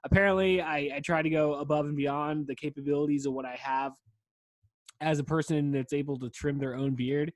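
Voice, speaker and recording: Podcast host in his thirties, slightly higher voice, stoned and loose, swears a lot, dry close sound. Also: no room sound. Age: 30s. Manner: laid-back, profane, says "dude" constantly. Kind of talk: rambling casual monologue.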